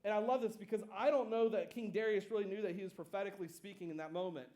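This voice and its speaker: Pastor guy with a really high voice, super casual preaching, lots of "like" and "right?". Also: fast. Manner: casual, conversational preaching with fillers and asides; animated storytelling, acting out scenes. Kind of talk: sermon.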